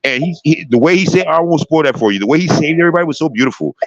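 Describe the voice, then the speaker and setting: A man's voice: fairly high pitch, animated, racing, no echo. A man hosting a casual chat, talking with enthusiasm and rambling, with many restarts, over a slightly dull lo-fi mic. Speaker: show host. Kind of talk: casual chat about a TV show.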